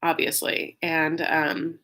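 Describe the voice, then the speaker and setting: A young man recapping a reality show in a campy, sassy, animated storytelling style, calling viewers "honey". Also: on the high side, slow. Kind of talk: casual comedic recap.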